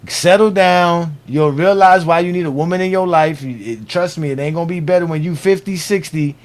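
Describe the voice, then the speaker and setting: Middle-aged guy hosting a live show, high voice, jokey and preachy. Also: brisk. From Miami. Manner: loose, joking, preachy advice. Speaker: host. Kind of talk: casual live show chat.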